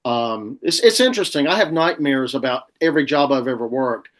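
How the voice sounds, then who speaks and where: A man hosting a casual podcast chat, teasing his friend and pausing on drawn-out fillers. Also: mid-range voice, expressive, fairly bright tone. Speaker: podcast host.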